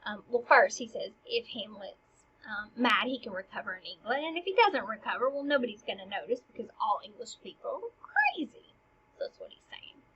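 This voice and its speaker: A woman's voice: fairly high pitch, animated, a little fast, a bit bright, husky, dull audio. A woman teacher explaining a play in casual language, paraphrasing each line into plain modern talk.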